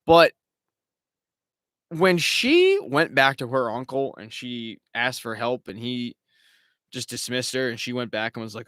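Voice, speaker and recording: A man in mid-range pitch talks over a home stream mic in a dry, close room. He rambles casually, swears freely and now and then mocks the characters in put-on voices. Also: very animated, unhurried, long pauses, a bit bright, no room sound. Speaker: show host. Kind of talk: live-stream TV recap chat.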